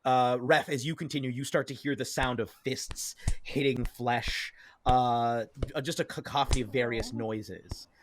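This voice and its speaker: A man narrating as game master, halting with many fillers. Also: medium pitch, fairly even intonation, a little hiss or hum.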